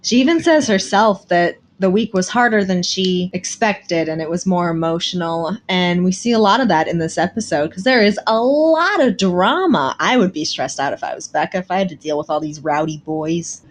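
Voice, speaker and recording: A woman's voice: fairly low pitch, expressive, moderate pace, few pauses, a little hiss or hum. A woman co-hosting a casual podcast, chatting in a playful, teasing way and laughing easily. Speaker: podcast co-host.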